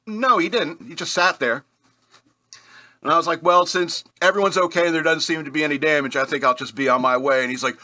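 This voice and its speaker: With a slightly high, pushed, bright voice and a brisk pace, a male radio host spins meandering personal tales, chuckling and making light of himself in a casual style.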